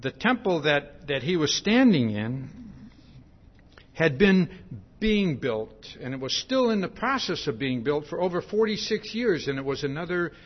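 Slow, emphatic preacher man. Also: fairly high pitch, sing-song, dull audio. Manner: slow, emphatic preaching with frequent "see?" asides. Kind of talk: sermon.

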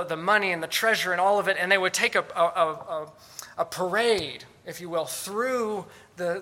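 A man's voice: sits high, sharp tone. A man preaching a sermon, dramatic and sarcastic at times, acting out the voices he quotes. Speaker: pastor.

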